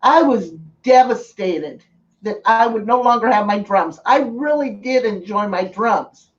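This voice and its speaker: Woman, streamer, earnest story, slow, distant, lo-fi. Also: fairly high pitch, animated. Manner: unhurried, earnest, pauses to thank viewers. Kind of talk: casual storytelling on a live stream. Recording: distant, dull lo-fi mic.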